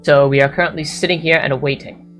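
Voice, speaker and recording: A woman's voice: low voice, normal speed, fairly bright tone, faint music behind. A woman voicing a welcoming middle-aged king in a tabletop game, trying a British accent that keeps drifting. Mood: grave.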